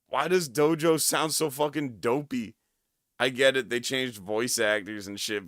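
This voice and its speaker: A hoarse man in his thirties giving profane, laughing commentary while reacting to a video on a livestream. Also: medium pitch, measured pace, fairly bright tone, no echo, clean studio sound.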